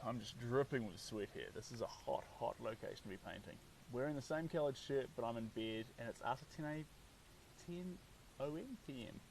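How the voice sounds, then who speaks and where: A man's voice: medium pitch, recorded from a distance, a little hiss or hum, poor audio. A man with a New Zealand accent chatting upbeat and casually while painting on a live stream, reading out viewer comments.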